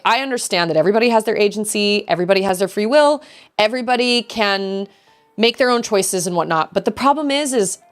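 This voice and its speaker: Animated ranting woman streamer. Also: mid-range voice. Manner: animated, exasperated, mocks others in sing-song voices. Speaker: game streamer. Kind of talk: casual ranting chat while streaming.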